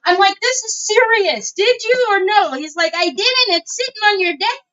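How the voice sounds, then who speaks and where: High bright chatty woman. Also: animated, normal speed, dull audio. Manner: chatty storyteller, talks to viewers as y'all. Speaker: crafting livestream host. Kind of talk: casual chat while crafting.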